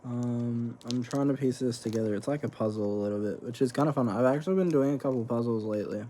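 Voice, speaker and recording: Mellow-voiced young man rambling casually. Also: medium pitch, quick pace, a little hiss or hum. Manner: rambling, slangy and swearing. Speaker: vlogger. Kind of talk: casual eating vlog chat.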